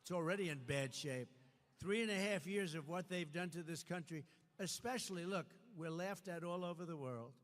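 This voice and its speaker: An American man giving a campaign rally speech, with repetitive, punchy declarations that rise into shouts. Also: sits high, normal speed, big-room sound. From United States. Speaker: political candidate. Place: large venue at a campaign event.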